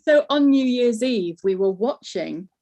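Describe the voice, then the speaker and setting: A woman's voice: a little high, measured pace. A woman with a Northern English Manchester accent, chatting as an interview guest, laughing often as she tells stories. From north of England. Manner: warm, laughs often, animated storytelling. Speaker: voiceover artist, guest. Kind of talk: casual interview chat.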